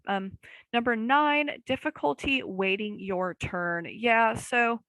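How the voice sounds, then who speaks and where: Casual young woman podcast host, rambling and self-deprecating, gravelly voice, dry close sound. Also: on the high side, slow pace, a bit bright, dry recording, rough recording. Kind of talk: casual chat.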